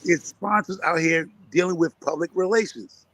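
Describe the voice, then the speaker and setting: Preachy gardener man, slightly high voice. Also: normal speed, a bit bright. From Connecticut, USA. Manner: preachy, repetitive, rallying the audience. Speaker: gardener on a live chat. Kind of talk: casual chat.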